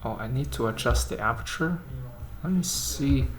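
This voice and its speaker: A man doing a casual unboxing vlog about camera gear, chatting in a halting way and thinking aloud as he handles the lens. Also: mid-range voice, animated, noisy background. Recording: roomy echo.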